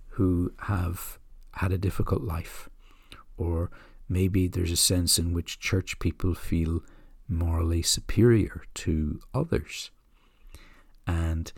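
A man hosting a podcast, telling a story in a gentle, unhurried, reflective way. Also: low-pitched, creaky, breathy edge, no echo, clean studio sound. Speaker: podcast host.

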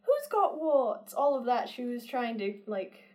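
A woman's voice: a little high, big pitch swings, measured pace, darkish tone. A woman in casual conversation, chatty and laughing often, often trailing off mid-sentence. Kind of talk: casual chat.

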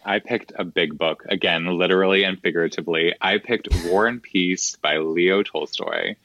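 A man's voice: deep voice, steady tone, moderate pace, bright, forceful tone, no room sound, muffled recording. A man talking about books as a podcast guest, with a wry, self-mocking humor. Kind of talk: casual podcast chat.

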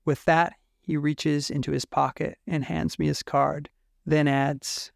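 A man's voice: a little high, little pitch movement, unhurried, gravelly, no echo, clean studio sound. A man reading a first-person romance story aloud in a candid, emotional way. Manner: emotional, candid narration with swearing. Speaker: fiction reader.

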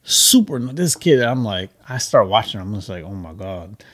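A man's voice: on the low side, lively intonation, moderate pace, fairly bright tone. A man co-hosting a beer podcast, telling a story in casual chat and mimicking the people in it. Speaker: podcast co-host.

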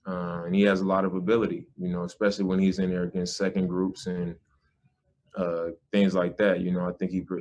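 Man, deep voice, monotone, hesitant, press interview. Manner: halting, with fillers. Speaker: basketball player in press clip.

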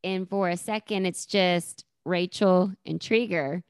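A woman's voice: lowish voice, steady tone, slow, smooth, no room sound, studio quality. A woman chatting casually, retelling a sitcom episode and laughing along.

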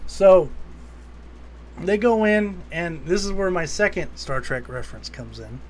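Male co-host, higher register, lively casual recapper who acts out quotes. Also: a little slow, a little hiss or hum. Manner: animated retelling, quotes lines in put-on voices. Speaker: podcast co-host. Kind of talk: casual movie recap chat.

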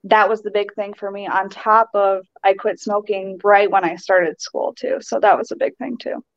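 A woman being interviewed as a guest, telling her story in an animated, chatty way and laughing often. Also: medium pitch, moderate pace, dry recording. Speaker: nurse and guest. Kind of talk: casual interview chat. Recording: dull, dry recording.

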